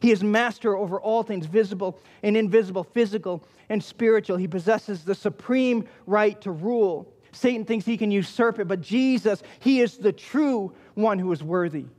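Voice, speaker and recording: A man delivers an emphatic sermon in a notably high voice. He drives his points home by repeating them. The sound carries a long hall reverb, as if from a church sanctuary. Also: moderate pace, few pauses, darkish tone. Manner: emphatic, repeats key phrases for weight. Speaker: pastor.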